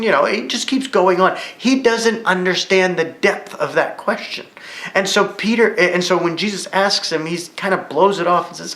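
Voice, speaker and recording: A man teaching a Bible study lesson in a church, retelling the story vividly and rising with excitement at key moments. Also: sits high, normal speed. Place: church room. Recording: echoey room.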